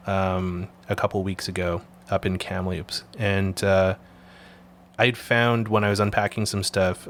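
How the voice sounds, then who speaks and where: A man from Canada hosting a casual photography chat, telling animated stories and swearing freely. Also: sits low, slight background noise. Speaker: podcast host.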